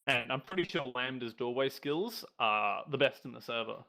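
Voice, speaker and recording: Bright-voiced esports analyst. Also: male voice, mid-range voice, expressive, normal speed, vocal fry, poor audio. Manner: chatty, analytical, casual slang. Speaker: esports colour commentator.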